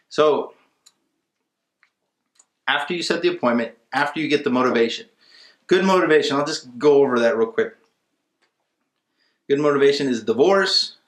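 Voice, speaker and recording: A man's voice: medium pitch, roomy sound. A man teaching a casual webinar, talking emphatically and acting out bits of his calls with sellers. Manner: conversational, emphatic, acts out seller dialogue. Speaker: real estate investing instructor.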